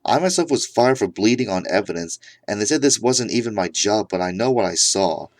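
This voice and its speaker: A man's voice: fairly low pitch, animated, fairly quick, no room sound. Mock-serious man reading a horror story. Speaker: narrator.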